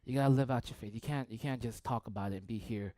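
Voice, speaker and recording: A man preaching a sermon as a pastor, telling a story conversationally with frequent "right?" and swinging between loud bursts and hushed near-whispers. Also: mid-range voice, fast talker, no echo.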